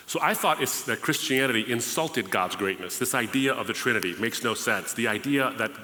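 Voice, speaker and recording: Bright-voiced man telling his story. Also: fairly low pitch, big-room sound. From United States. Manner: humorous, conversational, acts out past dialogues. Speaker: guest speaker. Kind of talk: storytelling testimony at a live event. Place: church auditorium.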